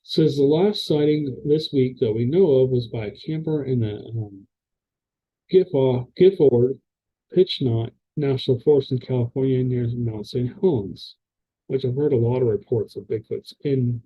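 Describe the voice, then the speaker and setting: Indoors, a podcast host talks casually to his camera about the paranormal, rambling and hesitant, full of fillers and restarts. His medium-pitched voice is slightly rough and moves at a moderate pace, and the audio sounds dull.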